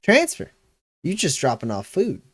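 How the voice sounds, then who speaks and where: Man doing a curt lady guard, high pitched, suspicious, bossy. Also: wildly swooping pitch, normal speed, dry recording. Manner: curt, questioning. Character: suspicious female guard sergeant.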